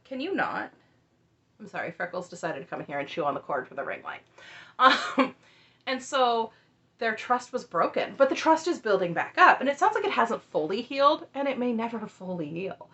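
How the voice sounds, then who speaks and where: A woman's voice: fairly high pitch, big pitch swings, moderate pace, fairly bright tone. A woman giving casual, sarcastic recap commentary on reality TV, with chatty asides, recorded at home under a ring light.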